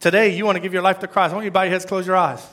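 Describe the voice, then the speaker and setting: Higher-voiced pastor preaching. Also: male voice, level tone, racing. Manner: conversational preaching, swings from hushed to emphatic. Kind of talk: sermon.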